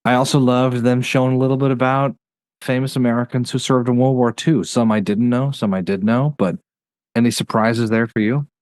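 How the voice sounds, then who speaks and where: A man hosting a podcast, chatting casually in a review and rattling off facts in quick bursts. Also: mid-range voice, fairly even intonation, darkish tone, dry recording, studio quality. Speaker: podcast host.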